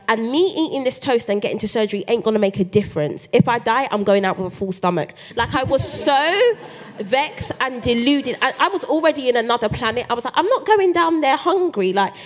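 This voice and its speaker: On a live festival stage, a woman with a rather high voice speaks fairly quickly as a guest author in a podcast interview. She tells her story in an animated way, acting out other people's voices as she quotes them.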